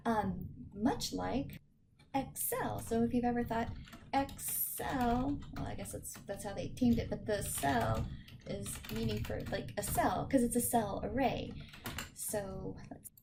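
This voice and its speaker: Woman tutor with a gravelly edge, talking through code in a casual, joking way, noisy recording with typing behind. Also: medium pitch, unhurried. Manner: chatty, self-deprecating, thinking aloud. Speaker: programming teacher. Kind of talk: screen-recorded coding tutorial.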